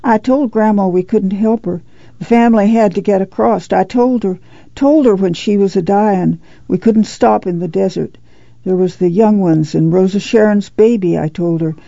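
A woman reading the part of a worn-out, grieving farm mother in a quiet, low voice, on a dull lo-fi recording. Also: normal speed, gravelly, no room sound. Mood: weary, grieving. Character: weary, grieving farm mother, middle-aged.

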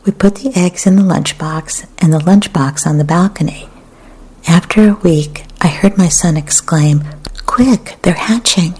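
A woman reading poetry and memoir aloud in a soft, often half-whispered, measured way. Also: fairly low pitch, husky. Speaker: literary reader.

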